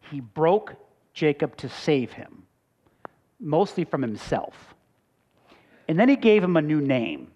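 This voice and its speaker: A middle-aged man from Michigan, a pastor preaching a sermon, rising to loud emphatic peaks and dropping into quiet storytelling asides. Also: a little high, lo-fi sound.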